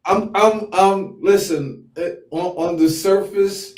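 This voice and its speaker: Man hosting a podcast, blunt profane commentary, unhurried, echoey room. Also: sits high, darkish tone. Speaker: podcast host. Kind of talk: casual commentary.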